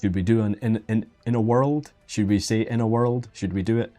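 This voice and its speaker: A man's voice: fairly low pitch, fairly even intonation, brisk, mellow. A man chatting casually and jokingly while teaching digital sculpting on a live stream, often restarting his sentences. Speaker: 3D sculpting instructor. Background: faint background music.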